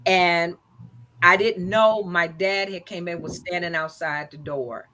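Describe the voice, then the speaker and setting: Woman educator, bright and animated, tells a story and acts out the lines. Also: on the low side, a little slow, a little hiss or hum. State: teary-eyed. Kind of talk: storytelling in a panel chat.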